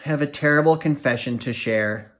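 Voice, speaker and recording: A man's voice: medium pitch, brisk, close to an everyday voice. A man voicing an anxious, emotional middle-aged mother in an audiobook reading. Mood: distraught. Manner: anxious, emotional, prone to dramatics. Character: fretful thrifty small-town mother, middle-aged woman.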